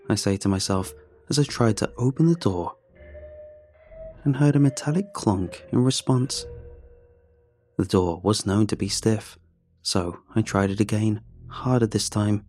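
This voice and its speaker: A man narrating a first-person story in a measured, steady way. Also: on the low side, soft background music.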